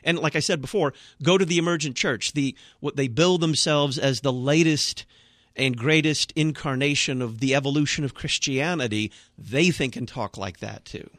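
A man's voice: a little high, normal speed, a bit bright, dry recording, studio quality. A man, a Lutheran pastor, speaking as a guest on a radio talk show, earnest and emphatic with a blunt manner.

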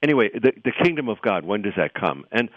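A man, a seminary professor, explaining scripture as a radio guest, thoughtful and halting, with many restarts. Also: lowish voice, big pitch swings, dry recording. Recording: tinny phone line.

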